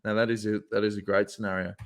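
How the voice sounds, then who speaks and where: A man's voice: lowish voice, little pitch movement, fast talker. A man hosting a podcast, chatting and telling stories with laughter. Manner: laughing, storytelling banter. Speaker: podcast host. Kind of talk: casual chat.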